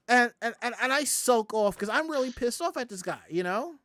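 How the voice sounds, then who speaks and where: A man's voice: very high voice, a little fast, no echo. A man from the American South, hosting a casual podcast and telling a long story that acts out everyone's quoted lines. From Southern United States. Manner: animated, acts out quoted voices. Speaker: podcast host.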